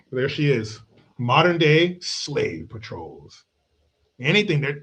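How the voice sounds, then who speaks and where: A man's voice: on the high side, very animated, slow pace, fairly bright tone, husky. Blunt, mocking male podcast host. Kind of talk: political commentary rant.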